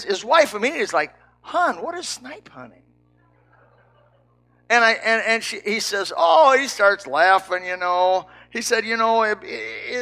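An older man, a preacher from Indiana, telling a folksy story with lively quoted dialogue. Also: high-pitched. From Indiana, United States. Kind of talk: storytelling sermon.

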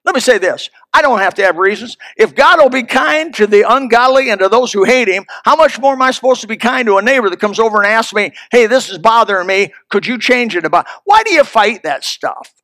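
A man's voice: very high-pitched, expressive, a little fast, few pauses, pushed and bright, dry recording, studio quality. A man pastor preaching a sermon in an emphatic, folksy, storytelling manner.

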